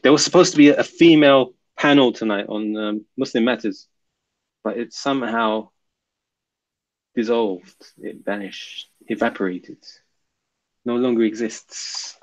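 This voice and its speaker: A man hosting a casual live stream reads viewer comments aloud and responds to them, laughing often. His voice is medium-pitched and unhurried, and the audio sounds dull.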